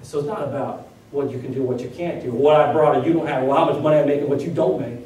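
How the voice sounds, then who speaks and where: A man's voice: mid-range voice, quick pace, a little mellow. A man preaching a sermon as pastor, firing off rhetorical questions at his congregation. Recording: very echoey room, voice from a distance.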